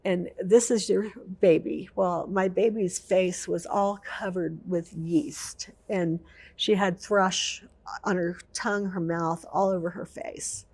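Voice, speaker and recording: A woman's voice: on the low side, steady tone, slow pace. A woman veteran telling an emotional personal story in an interview, vividly and with repetition. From United States.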